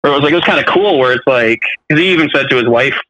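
A man chatting casually and rambling through stories with plenty of fillers. He talks fast with a bright, tense edge. The sound is dry and close, with no room around it. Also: medium pitch, no room sound, highs cut off. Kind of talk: casual chat.

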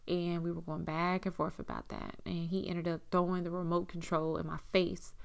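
A woman's voice: fairly low pitch, flat delivery, normal speed, gravelly, smooth. A young woman candidly telling a personal story in a casual way, swearing freely and using lots of fillers. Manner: frank, casual, swears freely, many "like" and "you know" fillers. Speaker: storyteller recounting personal experience.

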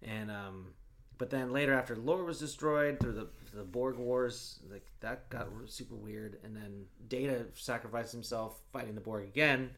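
A man chatting casually as a podcast co-host, rambling through a story and reading messages aloud in a flat voice. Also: mid-range voice, normal speed. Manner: rambling storyteller, swears, reads chat logs aloud in a flat voice. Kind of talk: casual chat.

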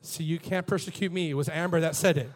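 A pastor preaching a lively sermon to his congregation, leading chants and call-and-response and rising to shouts. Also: a little high, fast talker. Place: church before a live congregation.

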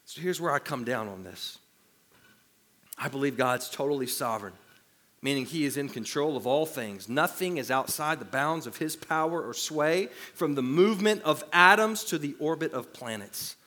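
Bright, lively male pastor preaching. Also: on the high side, moderate pace. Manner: animated, self-deprecating humor. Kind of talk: sermon.

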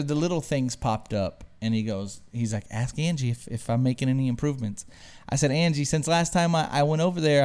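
A man's voice: mid-range voice, smooth. A young man hosting a podcast, telling a story in casual chat, acting out what people said and saying "dude" a lot. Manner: animated storyteller, says "dude" a lot, acts out quotes. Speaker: podcast host.

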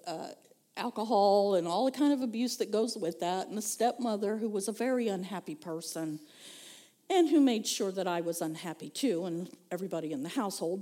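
A woman's voice: mid-range voice, warm tone. A woman pastor, preaching a conversational sermon, telling stories and laughing often. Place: church.

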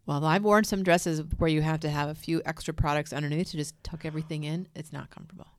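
A woman co-hosting a podcast, chatting casually in a relaxed, matter-of-fact way into a desk mic. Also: deep voice, fast, no echo, studio quality. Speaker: podcast co-host. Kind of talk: casual chat. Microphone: desk microphone.

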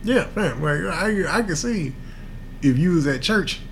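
A man co-hosting a podcast in casual banter, brash and joking, acting out crude quotes between loud laughs. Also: on the high side, animated, measured pace, a little hiss or hum. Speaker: podcast co-host.

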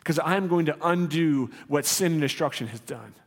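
A man's voice: on the high side, moderate pace, gravelly, big-room sound. A man preaching a sermon in an earnest, conversational teaching manner with rising emphasis. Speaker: pastor.

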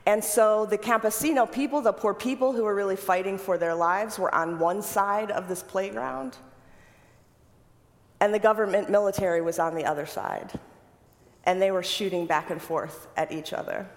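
Woman preacher telling a story, slow and vivid, repeats lines, middle pitch, long hall echo. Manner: vivid, unhurried descriptive storytelling with repetition. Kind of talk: sermon storytelling.

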